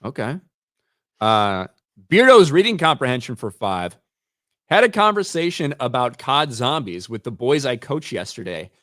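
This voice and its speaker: A man's voice: medium pitch, big pitch swings, moderate pace, a bit bright, no room sound, studio quality. Profane, rambling male stream host. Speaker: show host reading viewer comments. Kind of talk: casual livestream chat.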